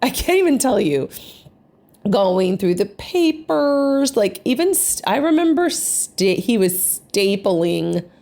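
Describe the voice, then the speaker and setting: A woman vlogger telling a family travel story in an animated, rambling way, full of fillers. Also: high-pitched, slow pace. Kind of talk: casual storytelling to camera.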